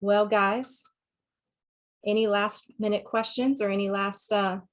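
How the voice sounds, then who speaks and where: A woman's voice: medium pitch, fairly even intonation, a little slow. A woman with a Southern US accent, a sex therapist giving a talk and answering questions in a frank, conversational way.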